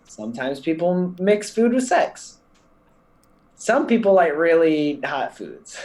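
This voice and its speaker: A man co-hosting a podcast, delivering a deadpan comic bit and often breaking into laughter. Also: a little high, slow. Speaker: podcast co-host. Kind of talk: casual podcast chat.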